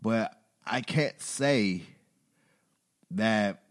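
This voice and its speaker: A man with a lowish voice tells personal stories openly and with feeling. He breaks into laughter now and then and curses casually. His talk is loose, animated and confessional. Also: very slow. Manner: emotional, laughing, expressive storytelling with curses. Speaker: podcast guest, rapper. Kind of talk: candid storytelling chat.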